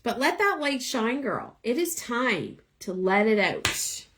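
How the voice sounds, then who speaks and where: A young woman reading tarot cards for viewers in a live stream, her voice a little worn as if going hoarse. She speaks in a fairly high, very lively voice that swoops up and down. She is chatty and encouraging, and she talks into a phone held above her eye level. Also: slow pace, noisy background. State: losing her voice. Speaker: tarot reader.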